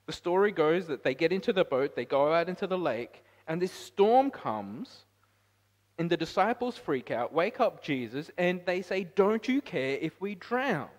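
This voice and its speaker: A man preaching a sermon as pastor, climbing to loud emphatic peaks and then dropping to quiet, reflective lines. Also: a little high, sing-song, moderate pace. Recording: long hall reverb.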